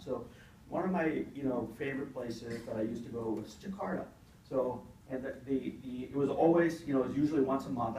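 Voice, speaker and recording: A man's voice: medium pitch, darkish tone. A middle-aged man giving a keynote, telling a long anecdote with many "you know" fillers. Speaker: keynote speaker. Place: event hall. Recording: echoey hall from far off, faint noise.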